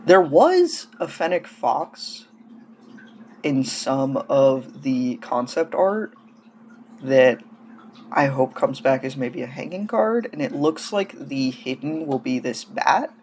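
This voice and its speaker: A man's voice: mid-range voice, very animated, slow pace, darkish tone, slight background noise. A man casually gushing and rambling through hobby news in a vlog, coming down with a cold and sounding feverish. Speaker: doll-hobby vlogger.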